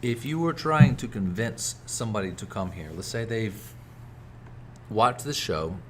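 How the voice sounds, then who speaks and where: Relaxed man ranking food. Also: fairly low pitch, unhurried, a little hiss or hum. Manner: relaxed, ranking foods one by one. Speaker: guest. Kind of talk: casual chat. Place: restaurant.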